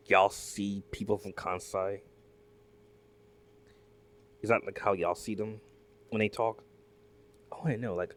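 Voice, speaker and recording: Deep-voiced man rambling. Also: a little hiss or hum. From Southern United States. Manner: rambling, many "like"s and restarts, asks viewers questions. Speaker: reaction video host. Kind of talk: casual commentary, reacting to a video.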